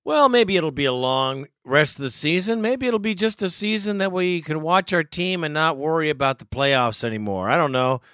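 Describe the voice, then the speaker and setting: A man's voice: on the high side, animated, normal speed, hardly any pauses, a bit bright, no room sound. A man hosting a fan talk show, laid-back, laughing now and then as he introduces callers. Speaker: radio show host. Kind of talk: casual radio talk.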